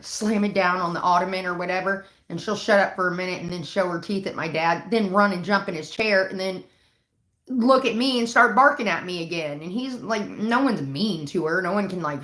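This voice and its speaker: A woman's voice: on the low side, fairly bright tone. A woman on a livestream telling a long, exasperated, profanity-laced story in casual chat. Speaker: livestream host. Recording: roomy echo.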